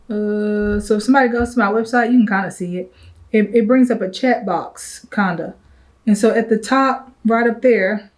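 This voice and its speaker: A young woman who runs a travel agency, chatting fast and a little breathless to camera in a casual vlog, full of fillers and asides. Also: medium pitch, poor audio. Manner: fast, rambling, breathless talk. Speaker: travel agent business owner.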